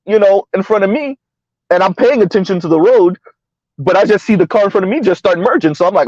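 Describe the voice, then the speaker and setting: On his casual commentary vlog, a man talks a little fast in a high-pitched, animated voice with a darkish tone. He often chuckles and asks "right?" of his viewers. The dull lo-fi recording is dry.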